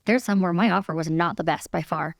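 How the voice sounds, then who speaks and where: A woman real estate agent as an interview guest, calm and easygoing as she talks. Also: fairly low pitch, a little fast, gravelly, dry recording, studio quality. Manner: calm, easygoing, laughs easily. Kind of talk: casual interview chat.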